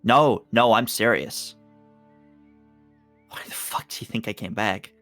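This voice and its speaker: A man playing a nervous young former camper, talking in halting, hesitant bursts with some swearing. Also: lowish voice, a bit bright, soft background music. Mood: resolute. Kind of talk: in-character tabletop role-play.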